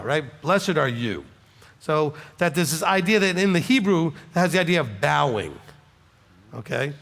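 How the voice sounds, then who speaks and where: Gravelly Southern rabbi, lively pitch. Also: male voice, in a large hall. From Alabama, USA. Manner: conversational, repeats "okay?" for emphasis. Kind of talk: congregational Q&A teaching. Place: congregation hall.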